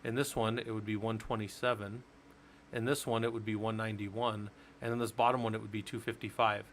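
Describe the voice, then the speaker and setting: A man's voice: on the low side, little pitch movement, fairly quick, slight background noise. Chatty man teaching on a live stream. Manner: chatty, explains step by step, jokes with chat. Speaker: live-stream Linux instructor.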